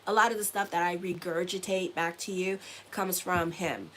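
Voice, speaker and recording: Speaking at a normal speed in a lowish, fairly bright and fairly even voice, a tarot reader and astrologer chats rambling through a casual reading for her viewers. She often finishes lines with "okay?", and the low-quality recording has a little hiss or hum.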